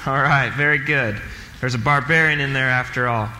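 A man reading the part of a stern schoolteacher who pushes his pupil with urgent, commanding lines. The voice sounds bright and a little forceful. It rings through an echoey hall over a faint hiss. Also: medium pitch, moderate pace. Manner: urging, commanding. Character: stern inspiring male schoolteacher. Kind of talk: staged script reading.

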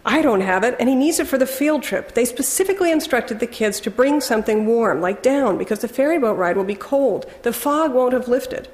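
A woman's voice: fairly high pitch, animated, a little fast, hardly any pauses, a little mellow, echoey room, in a large hall, close to an everyday voice. A woman voicing a self-righteous divorced mother who hisses and sneers in an argument. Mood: insistent. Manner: hissing, sneering, insistent.

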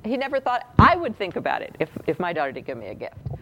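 A woman's voice: on the low side, huge pitch swings, fast talker, a little hiss or hum, low-quality recording. A woman leading a relationship workshop, chatting and asking her audience questions. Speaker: workshop leader. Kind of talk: teaching a relationship class.

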